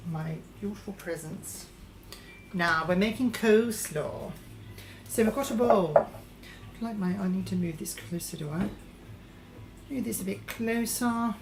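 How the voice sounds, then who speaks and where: A woman's voice: medium pitch, measured pace, long pauses, roomy sound, soft background music, lightly acted. A woman playing a vain, posh English lady cooking in a home kitchen, with a put-on English accent. She talks theatrically and calls everyone darling. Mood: showy. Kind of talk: live-streamed comedy cooking show in character.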